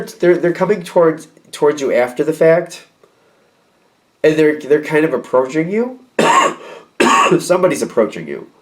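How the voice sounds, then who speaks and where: A man giving a casual tarot reading, animated and repeating phrases as he acts out quoted reactions. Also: mid-range voice. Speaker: tarot reader.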